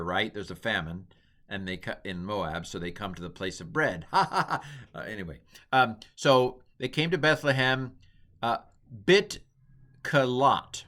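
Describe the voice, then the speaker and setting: A man's voice: mid-range voice, fairly bright tone. A man teaching a language lesson in a casual, rambling way, correcting himself often and making small joking asides. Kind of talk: casual classroom lecture.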